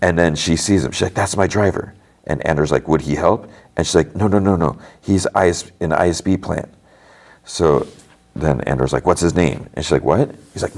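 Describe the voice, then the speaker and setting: A man's voice: low voice, a little mellow. A man hosting a podcast, casually recapping a TV episode scene by scene and quoting the characters' lines as he goes. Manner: retells scenes with lots of "he's like" and quick quoted lines.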